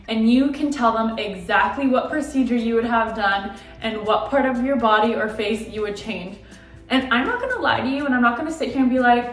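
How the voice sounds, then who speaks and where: A woman's voice: on the high side, moderate pace. A woman in her twenties, a beauty vlogger, chatting candidly and heartfelt in a casual confiding way, rambling with lots of likes. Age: 20s. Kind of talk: casual confiding vlog chat. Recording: echoey room, distant mic, background music.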